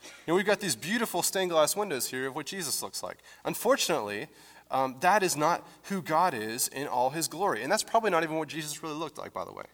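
A pastor teaching a conversational sermon in a church, explaining scripture with casual fillers. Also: male voice, on the high side, big pitch swings, fast, a bit bright, in a large hall. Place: church sanctuary.

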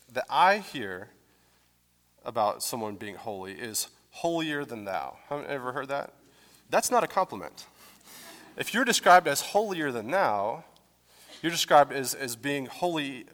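Male pastor, casual explanatory sermon voice, mid pitch, echoing sanctuary. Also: a bit bright. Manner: conversational, explanatory, with fillers. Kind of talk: teaching sermon. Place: church sanctuary.

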